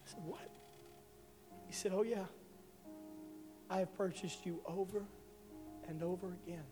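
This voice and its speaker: A man preaching a sermon, telling an emotional testimony that swells to loud passionate peaks. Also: sits high, fairly even intonation, unhurried. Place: church sanctuary. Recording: live hall with reverb and faint music.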